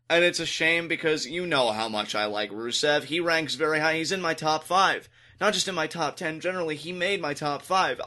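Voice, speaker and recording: Bright-voiced animated man reviewing wrestling. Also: on the high side. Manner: animated, acts out quotes in exaggerated voices. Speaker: podcast co-host. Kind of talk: casual wrestling review chat.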